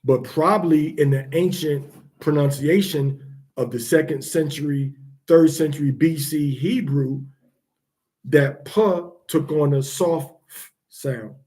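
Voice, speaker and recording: A man teaching the pronunciation of scripture words, repeating each sound slowly to demonstrate it. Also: fairly high pitch, steady tone, warm tone.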